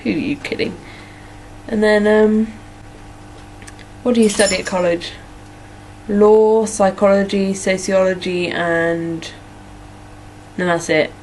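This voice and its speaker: A young woman from Norfolk with an English accent takes her time answering follower questions, pausing often and rambling with lots of "like" and "um." Her voice is medium-pitched and darkish, with little pitch movement, in a casual vlog chat. The rough recording carries a little hiss or hum.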